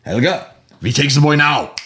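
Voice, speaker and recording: A man voicing a gruff, pompous doctor, speaking loudly and slowly in booming exclamations. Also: expressive. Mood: delighted. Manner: loud, slow, booming exclamations.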